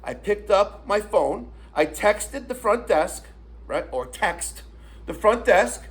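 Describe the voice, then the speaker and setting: A man's voice: sits high, slow pace, slightly rough. A middle-aged man telling an indignant, profane story to his viewers as a vlogger. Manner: indignant, profane, animated retelling. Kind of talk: storytelling rant to camera.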